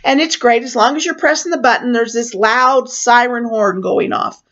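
Older woman, storyteller, animated, higher voice, dull lo-fi recording. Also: moderate pace. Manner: animated, acts out her own panic in raised voice. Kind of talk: personal storytelling. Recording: dull lo-fi sound.

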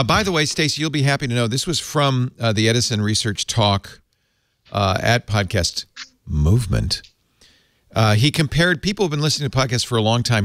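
A man hosting a casual tech talk show, animated and quick, laughing often, in a studio. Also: on the low side, no echo. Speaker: podcast host. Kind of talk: casual chat. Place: radio studio.

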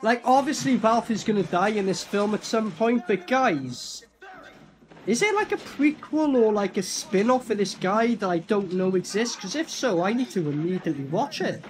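This British-accented man has a high voice and speaks at normal speed while casually reacting to a horror film as a movie reaction host. He's animated, swearing, laughing, and repeating lines from the film.

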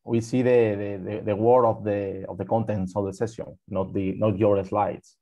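A man's voice: on the low side, level tone, moderate pace, warm tone, low-quality recording. A man on a video call apologetically interrupting to say the slides are not showing. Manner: apologetic, hesitant, stumbling.

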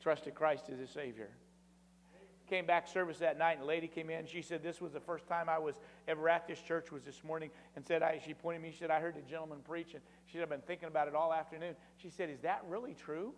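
A male preacher telling personal stories in a sermon, slowing down and repeating lines for emphasis, with big shifts in loudness. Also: fairly high pitch, level tone, big-room sound. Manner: dramatic swings in volume, slow emphatic repetition. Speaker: guest preacher. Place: church sanctuary.

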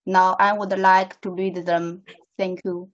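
A polite woman student reads vocabulary slowly and carefully over a muffled online call. Her voice sits at a middle pitch. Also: flat delivery. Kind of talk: pronunciation drill.

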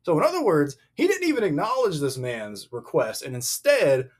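A man co-hosting a casual Bible discussion podcast, emphatic and animated, acting out the dialogue as he talks. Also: a little high, moderate pace. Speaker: podcast co-host.

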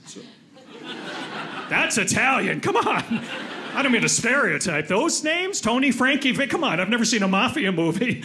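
A man doing stand-up comedy on a club stage, animated and slipping into mimicked voices for quotes. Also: high-pitched, a little fast, a little hiss or hum.

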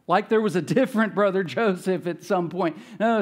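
A male pastor preaching a casual, conversational sermon, retelling scripture with folksy asides and quick self-corrections. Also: sits high. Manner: retells scripture casually, acts out characters' lines.

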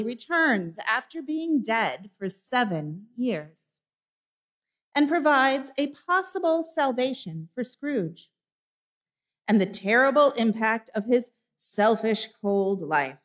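Brief: woman pastor, deliberate dramatic reading, unhurried pace. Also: fairly high pitch. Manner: slow, measured dramatic reading. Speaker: minister. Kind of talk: reading a lesson aloud in a church service. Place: church sanctuary.

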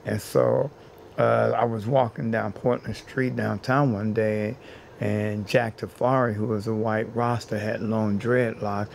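A man's voice: fairly low pitch, level tone, measured pace, creaky, slight background noise. A man being interviewed as a housing activist, telling his story in an earnest way and building his points by repeating phrases.

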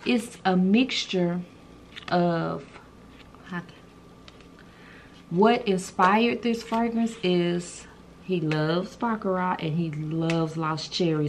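A woman vlogger telling stories in a casual, animated, colloquial way. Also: fairly low pitch, slight background noise. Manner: chatty, animated, colloquial storytelling. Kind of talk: casual storytelling chat.

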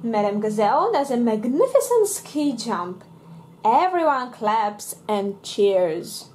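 A woman whose first language is Russian, reading a picture book aloud to children in a slow, expressive way. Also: a little high, a little hiss or hum. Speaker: English teacher reading to children.

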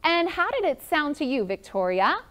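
Upbeat teacher woman with lively pitch. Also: moderate pace, a little hiss or hum. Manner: upbeat, encouraging, calls on pupils by name. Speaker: first grade teacher. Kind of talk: classroom lesson for students and viewers. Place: classroom.

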